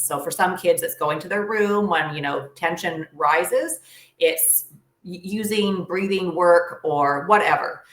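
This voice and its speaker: A woman guest coach explains advice in an earnest, emphatic way, leaning on fillers as she thinks aloud. Her voice sits a little low. The recording has a roomy echo. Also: expressive, moderate pace, a bit bright. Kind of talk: interview conversation, explaining advice.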